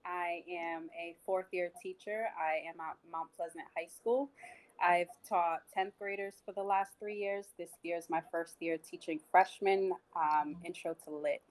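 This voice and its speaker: A woman in her twenties, a teacher, appearing as a guest on a podcast over a video call. Her voice sits a bit low, and she speaks in an earnest, thoughtful way. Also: steady tone, measured pace, low-quality recording. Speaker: high school teacher guest. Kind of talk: casual podcast conversation.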